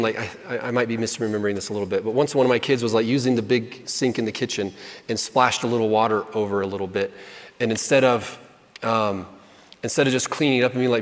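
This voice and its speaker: A man talks through parenting advice in an easy, conversational way, now and then acting out what someone might say. His voice sits at a middle pitch. The sound carries a long, ringing reverb, as if it were picked up in a large hall. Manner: conversational, self-deprecating, acts out quoted voices. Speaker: marriage and parenting speaker. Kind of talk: casual talk answering audience questions.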